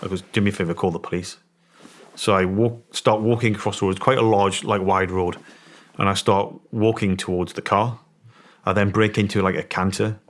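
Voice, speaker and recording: A man's voice: lowish voice, fairly even intonation, brisk. A man telling a story in casual conversation as a guest, rambling with many restarts and emphatic points. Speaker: guest, former special forces soldier.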